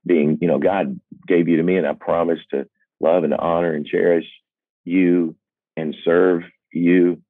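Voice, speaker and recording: A man in his sixties, a singer-songwriter, tells personal stories earnestly and reflectively, with self-deprecating humor and halting restarts. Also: sits low, steady tone, no room sound. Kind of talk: candid personal storytelling. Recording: dry, phone-like narrow sound.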